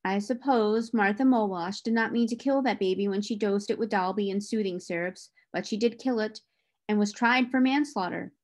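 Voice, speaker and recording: A woman's voice: mid-range voice, fairly quick, a little mellow, natural voice. A woman reading as John, an upset stern groom. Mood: indignant.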